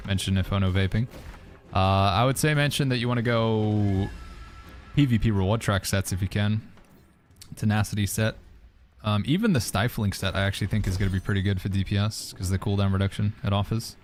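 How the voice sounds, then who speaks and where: A man's voice: lowish voice, fairly quick, slight background noise. A man streaming a game, chatting casually and answering viewer questions as he plays. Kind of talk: casual gaming commentary. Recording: faint music behind.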